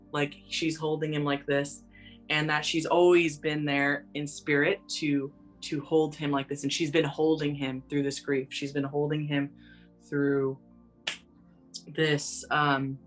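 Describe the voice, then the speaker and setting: Lady psychic medium rambling gently, lots of likes and ums, faint music under her. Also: low voice. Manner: meandering, filler-heavy, gentle. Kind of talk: casual spoken reading.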